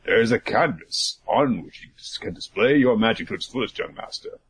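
A man's voice: fairly low pitch, animated, normal speed, fairly bright tone, husky, voice pushed down, exaggerated voice. A man voicing a devoted, formal male butler who speaks earnestly to his young master.

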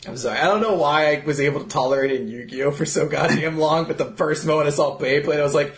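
A man co-hosting a casual podcast, riffing animated jokes and swearing freely. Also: a little high, fast, few pauses, reverberant. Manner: animated, joking riffs, swears. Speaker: podcast co-host. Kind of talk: casual comedic chat.

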